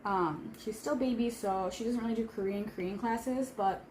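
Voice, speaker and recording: A woman's voice: fairly high pitch, normal speed, noisy background. A woman in her thirties chatting casually on a vlog while eating, rambling with lots of filler words. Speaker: vlogger. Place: home in Seoul.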